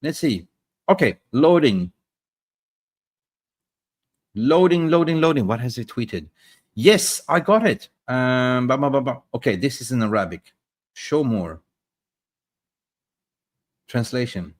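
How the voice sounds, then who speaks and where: A man's voice: medium pitch, big pitch swings, measured pace, pauses often. Man, live stream host, rambling, chatty, talks to viewers. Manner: rambling, talks to viewers while searching on screen. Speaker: football livestream host.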